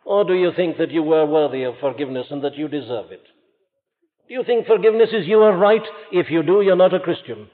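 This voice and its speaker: A man preaching a sermon with fervent rises and solemn hushed passages. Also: fairly high pitch, animated, brisk. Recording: old lo-fi phone-band recording in a reverberant hall.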